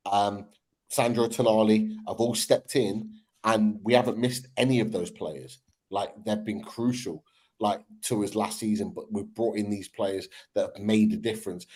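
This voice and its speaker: A man hosting a relaxed football podcast. He speaks in a fairly low voice and rambles on with upbeat enthusiasm. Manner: chatty, upbeat, rambling with restarts. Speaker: podcast host. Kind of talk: casual football chat.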